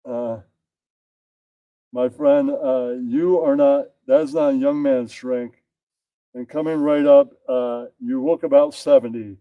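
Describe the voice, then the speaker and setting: A man voicing a brash, blustering male bartender and bar owner who shouts at his customers. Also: mid-range voice, steady tone, slow, no room sound, phone-quality sound, natural voice.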